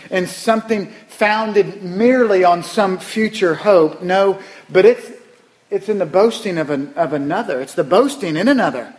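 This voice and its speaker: A man preaching a sermon as pastor, emphatic and animated, repeating phrases for weight. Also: sits high.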